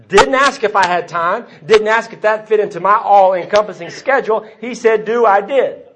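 A man's voice: high-pitched, animated, fairly quick, hardly any pauses, fairly bright tone, a little hiss or hum. A man giving a recovery testimony, telling his story and voicing the people he quotes. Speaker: recovery meeting speaker. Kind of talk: personal testimony talk. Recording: dull lo-fi recording.

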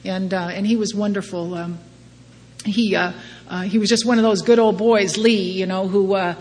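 A woman's voice: medium pitch, steady tone, normal speed, a little mellow. Middle-aged woman sharing her story in a reverberant hall. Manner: self-deprecating, wry, laughs often. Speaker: recovery meeting speaker. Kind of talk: personal testimony talk. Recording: long hall reverb, faint background noise.

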